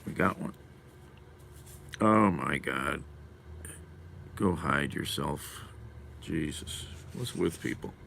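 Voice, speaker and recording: Low slow gravelly man. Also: a little hiss or hum. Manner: relaxed, wry, answers chat comments. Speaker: live streamer. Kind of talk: casual live-stream chat while eating.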